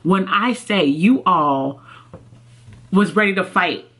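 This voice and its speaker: A woman book vlogger chatting casually and excitedly at home. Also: fairly low pitch, slow pace, husky. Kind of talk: casual vlog chat. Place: home office, indoors.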